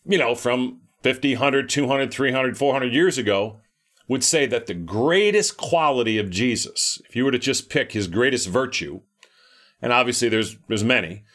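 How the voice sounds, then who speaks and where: A man's voice: medium pitch, fairly bright tone. A man preaching an informal sermon in a conversational way, often repeating words and checking in with his listeners.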